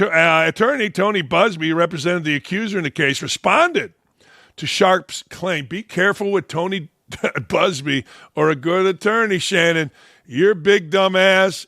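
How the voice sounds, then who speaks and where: A man's voice: fairly high pitch, bright, forceful tone, no echo, clean studio sound. A man hosting a sports talk show, giving brash, mocking, opinionated commentary.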